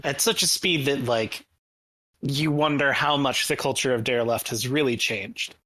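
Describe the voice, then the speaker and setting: Bright-voiced woman game master. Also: a bass voice, moderate pace, no echo. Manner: descriptive, prompting players. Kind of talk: narrating a tabletop game.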